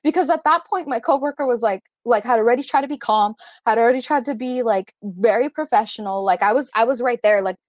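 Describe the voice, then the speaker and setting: A woman's voice: fairly high pitch, fast, few pauses, dry recording, dull audio. A young woman co-hosting a podcast, telling a work story in a rambling way full of filler words, recorded remotely. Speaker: podcast co-host. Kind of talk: casual storytelling. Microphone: remote recording at home.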